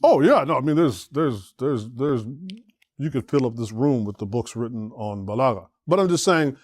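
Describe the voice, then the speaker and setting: A man's voice: mid-range voice, expressive, moderate pace, darkish tone, no echo. A man teaching a classroom lecture, explaining step by step, often asking the class questions and checking in with "right?". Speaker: Arabic teacher and imam.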